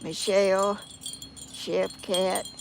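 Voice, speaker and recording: An older Southern woman with a gravelly voice talks slowly and loosely to her live-stream viewers. She rambles and apologizes as she chats. She is outdoors on a breezy morning, picked up by a phone on a tripod, with faint noise behind her. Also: medium pitch, flat delivery. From Georgia, US. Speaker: vlog host. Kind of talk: casual live-stream chat. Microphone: phone or tablet on a tripod.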